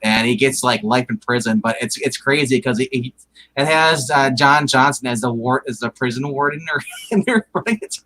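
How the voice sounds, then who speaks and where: A man's voice: mid-range voice, moderate pace, pushed and bright. Laid-back joking guy on a stream. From Ohio. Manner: laid-back, joking, says "man" and "dude" often. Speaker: guest on a live stream. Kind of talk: casual chat.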